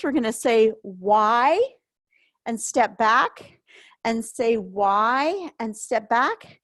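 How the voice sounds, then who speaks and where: A woman with a high voice leads an online grief yoga session through a headset mic. Her guidance is soft and gentle.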